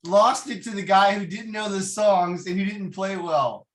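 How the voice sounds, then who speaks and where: A man's voice: sits high, moderate pace. A man hosting a casual interview, mostly giving short replies and prompting questions. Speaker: podcast host. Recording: roomy echo.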